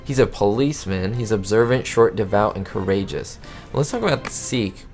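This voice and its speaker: A man talks through a video game playthrough, excitable and easily amazed. His voice sits fairly low. Faint music plays behind him. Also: fairly quick. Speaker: gamer.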